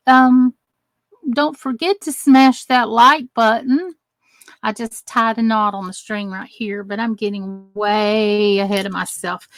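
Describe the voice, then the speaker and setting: A woman's voice: a little high, no room sound. A middle-aged woman from the United States hosting a live crafting tutorial, chatting and greeting viewers by name as she works. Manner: chatty, greets viewers by name while working with her hands. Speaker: crafting channel host.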